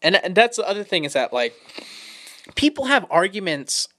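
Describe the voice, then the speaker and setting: A man's voice: sits high, big pitch swings, moderate pace, sharp tone. A man co-hosting a podcast in casual chat, rambling and swearing freely with many fillers. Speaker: podcast co-host.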